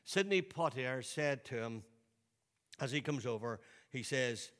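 This pastor preaches loosely and conversationally, repeating and restarting his words and dropping to a low voice when quoting. His delivery is expressive, slightly slow and a bit bright, trailed by a long reverb.

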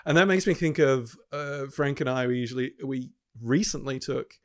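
A man's voice: medium pitch, normal speed. A man, a father and podcast co-host, chatting casually with frequent chuckles. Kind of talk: casual chat.

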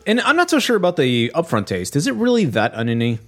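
A man co-hosting a casual comedy podcast, reviewing snacks with crude deadpan jokes. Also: a little high, fast talker. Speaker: podcast co-host.

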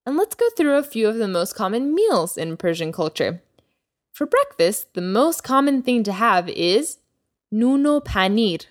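A woman hosting a language lesson podcast as the teacher, speaking clearly and slowing down to model new words. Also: on the high side, big pitch swings, no room sound, clean studio sound. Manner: clear teacherly delivery, slows down for vocabulary. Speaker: Persian teacher, podcast host.

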